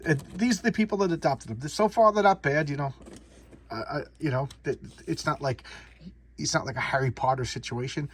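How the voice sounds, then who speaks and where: A man's voice: fairly high pitch, fairly quick, husky. A man doing a casual comic book showcase, rambling and often repeating and restarting words.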